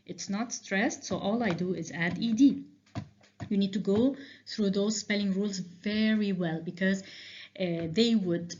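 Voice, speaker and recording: A woman's voice: mid-range voice, a little mellow. Woman teacher, patient, lots of "okay?". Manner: patient, stresses key points with frequent "okay?". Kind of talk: recorded grammar lecture. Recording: slightly dull lo-fi sound with faint noise.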